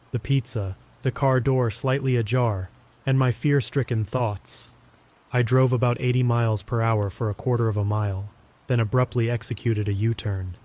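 A man giving a scripted first-person horror story narration in a steady, even telling. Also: medium pitch.

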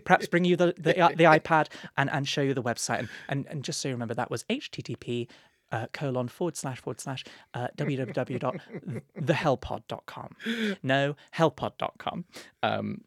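A man's voice: medium pitch, normal speed, dry recording, studio quality. A young man co-hosting a comedy podcast in a camp, theatrical manner, reading listener letters aloud with cheeky asides. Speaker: podcast co-host. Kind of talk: casual comedic chat.

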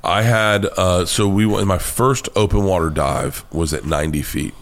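An American man, a comedian guest, telling a wild story with lots of swearing and high-pitched acted-out quotes. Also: moderate pace. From United States. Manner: excitable, swears freely, acts out quotes in a high voice. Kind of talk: animated storytelling.

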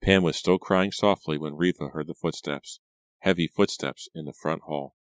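A man narrating a teen thriller audiobook in a steady, suspenseful storytelling manner. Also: a bass voice, moderate pace, no echo, clean studio sound. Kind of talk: scripted narration.

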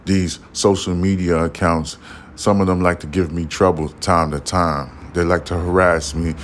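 A man with a very low voice talks alone on his podcast. His delivery is blunt, profane and preachy. He keeps checking in with his listeners as he talks, with a faint noise in the background. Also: flat delivery, normal speed. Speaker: podcast host. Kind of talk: casual monologue.

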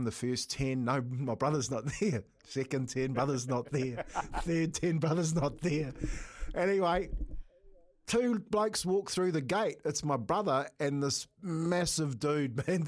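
A man's voice: a little high, measured pace. Story-telling New Zealand man, laughing often. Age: middle-aged. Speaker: radio co-host. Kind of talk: casual storytelling.

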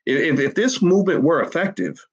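A man's voice: a little high, big pitch swings, fairly quick, breathy edge, muffled recording. A man giving emphatic livestream commentary to his chat, hammering points with repeated rhetorical questions. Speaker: finance commentator.

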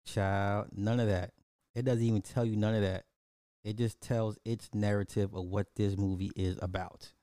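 A man giving a blunt, animated movie review in casual chat, talking straight to his viewers. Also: on the low side, normal speed, no room sound, clean studio sound.

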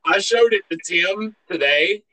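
A man's voice: high-pitched, measured pace, sharp tone. A man co-hosting a podcast in crude, casual banter, swearing constantly and laughing often. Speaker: podcast co-host.

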